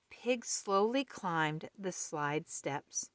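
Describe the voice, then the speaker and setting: A woman reading a children's picture book aloud in a gentle, friendly way. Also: fairly low pitch, big pitch swings, a little slow, no room sound. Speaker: storybook reader.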